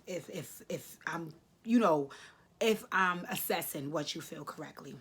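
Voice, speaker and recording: A woman's voice: sits low, moderate pace, a bit bright, a little hiss or hum. A woman in her late thirties giving heartfelt advice to camera, earnest and emotional, repeating key phrases for emphasis. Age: late 30s. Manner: speaks directly to viewers, informal. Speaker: advice vlogger answering a letter.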